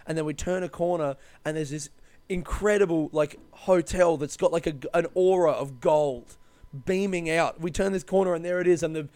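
A man's voice: fairly high pitch, normal speed, a little mellow, no echo. Sweary man rambling through a travel story. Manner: loose, sweary, rambling with many fillers and self-corrections. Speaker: comedian telling a travel story. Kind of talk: casual storytelling monologue.

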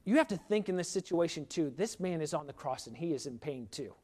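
Male preacher, high tenor register, earnest and emphatic sermon delivery. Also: lively intonation, a little fast, mellow.

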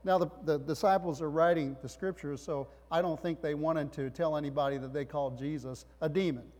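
A man's voice: on the high side, fairly even intonation, brisk, darkish tone. A middle-aged man preaches a sermon, his somewhat raised voice climbing into emphatic bursts between rhetorical questions. He sounds like a pastor working a congregation. The sound rings out with a long reverb, as in a large hall.

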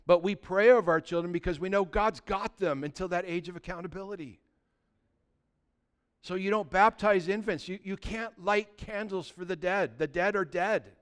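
A middle-aged man preaching a sermon as pastor, animated and humorous, rattling off quick lists between scripture readings. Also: high voice, clear, resonant tone. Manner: animated, humorous asides, rapid list-making.

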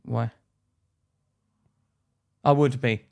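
A man co-hosting a podcast, chatting casually in a blunt, sweary way with quick stories. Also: mid-range voice, steady tone, gravelly. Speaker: podcast co-host. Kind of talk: casual chat.

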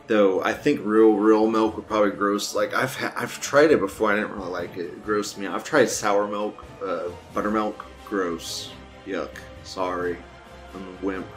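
A young man hosting a casual commentary show, rambling and crude, laughing often. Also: on the low side. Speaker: show host.

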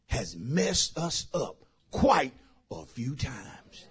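A man preaching a sermon as pastor, swinging between shouted lines and near-whispers. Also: fairly high pitch, huge pitch swings, measured pace, husky.

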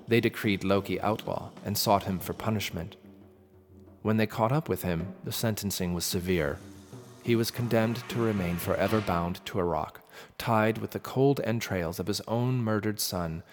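A man narrating a myth in a measured, dramatic storytelling manner. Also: fairly low pitch. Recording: long reverb with faint music.

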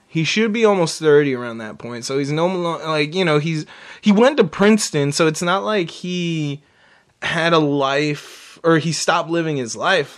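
Laughing, higher-voiced podcast guy. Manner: laughs often, swears casually. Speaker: podcast co-host. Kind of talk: casual movie discussion.

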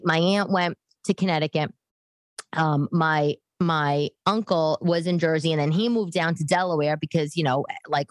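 A woman in her forties hosting a podcast from her living room, talking in a casual monologue that turns animated and emphatic, ranting with many restarts. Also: on the low side, no echo. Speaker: podcast host.

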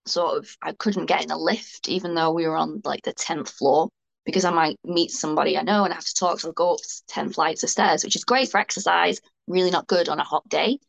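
Young woman talking openly, kinda gravelly, lots of tangents. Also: low voice, steady tone, a little fast, low-quality recording. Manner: frank, rambling, self-deprecating. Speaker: guest. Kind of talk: candid personal interview.

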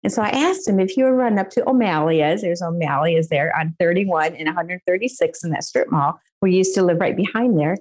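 A woman's voice: lowish voice, brisk, hardly any pauses, a little mellow. A middle-aged woman from the United States, a guest giving an emotional personal faith testimony, earnest and laughing at times.

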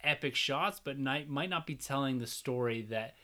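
A man's voice: mid-range voice, normal speed, pushed and bright. A man hosting a casual podcast discussion, upbeat and steering the talk. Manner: upbeat, runs the discussion and outro. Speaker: podcast host. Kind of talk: casual chat.

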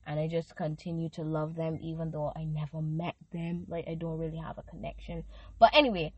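A woman's voice: low-pitched, steady tone, a little fast, breathy edge, no room sound, highs cut off. Earnest woman podcast host, dry close mic. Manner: earnest, emotional, leads prayers and chants. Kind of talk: devotional podcast talk with prayer.

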